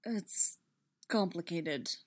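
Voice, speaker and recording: A woman voicing a weary, gentle male Jedi knight who speaks low, hushed and halting. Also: no room sound.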